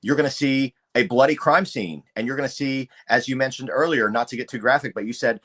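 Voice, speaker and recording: Male host, true-crime show, steady, methodical. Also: medium pitch, a little fast, breathy edge. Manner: steady, reads transcript aloud. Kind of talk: live true-crime podcast discussion.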